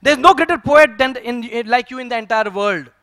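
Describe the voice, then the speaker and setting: A man voicing a clever young male scholar who flatters a proud poet before teasing him. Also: very high voice, fairly quick, dry recording, studio quality. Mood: flattering.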